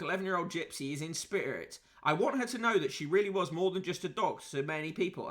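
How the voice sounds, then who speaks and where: Male podcast host, high bright voice, dry sarcastic reader-commentator. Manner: wry, sarcastic asides between readings. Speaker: podcast host reviewing print media. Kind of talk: casual read-aloud commentary.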